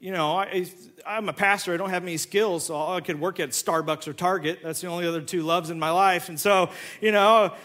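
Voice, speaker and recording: A man who is a pastor, preaching a sermon and acting out both sides of a conversation in an animated storytelling way. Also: high voice, a little fast.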